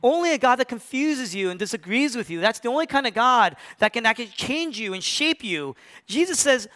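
A man preaching a sermon as pastor, animated, swinging between loud rises and hushed, low lines. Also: brisk. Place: church.

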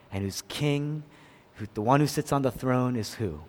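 A man preaching a sermon, swinging from loud cries down to hushed, near-whispered lines. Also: mid-range voice, lively intonation, unhurried. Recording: long hall reverb.

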